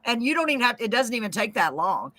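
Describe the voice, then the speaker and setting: A woman's voice: on the high side, very animated, fast talker, pushed and bright, dry recording. A middle-aged woman, hosting a casual chat show, talking freely and laughing often. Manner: chatty, laughs often, Southern slang. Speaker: talk show host.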